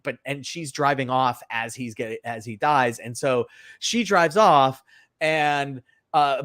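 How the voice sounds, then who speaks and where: A man co-hosting a podcast, chatting casually about a movie in a rambling, animated way full of fillers and restarts. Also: medium pitch, dry recording, studio quality. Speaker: podcast co-host. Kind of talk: casual film review chat.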